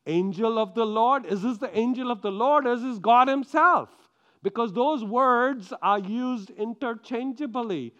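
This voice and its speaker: A man preaching a sermon, with emphatic stresses that drop into quiet, drawn-out lines. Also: very high voice, muffled recording.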